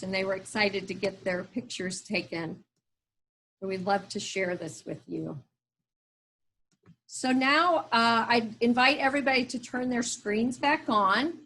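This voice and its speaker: A woman hosting a fundraiser over a video call, reading a measured welcome and introducing the next act. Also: medium pitch, a bit bright, slight background noise, rough recording. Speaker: event host. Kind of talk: scripted event introduction.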